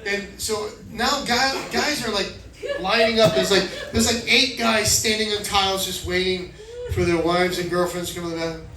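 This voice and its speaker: A middle-aged man from Florida doing an animated stand-up set, acting out voices and shouting punchlines. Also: high voice, normal speed. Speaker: stand-up comedian. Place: comedy club stage. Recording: echoey club recording from far off, crowd laughter. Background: audience laughter.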